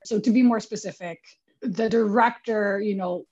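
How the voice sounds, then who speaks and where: A woman's voice: mid-range voice, steady tone, moderate pace, darkish tone, husky. A young woman, a film producer, chatting as a guest in a casual, self-deprecating way, full of "like", in a dull lo-fi recording. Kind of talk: casual interview storytelling.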